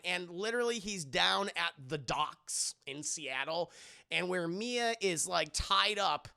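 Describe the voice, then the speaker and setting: A man's voice: high voice, lively intonation, slow pace, gravelly, sharp tone. A man streaming a casual comedic movie recap, rambling, profane and sarcastic. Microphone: close streaming mic.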